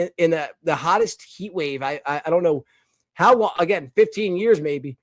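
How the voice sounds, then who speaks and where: A young man from the Philadelphia area hosting a casual podcast segment, talking in a rambling, animated way full of restarts and fillers. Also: fairly high pitch, moderate pace, no room sound. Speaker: podcast host.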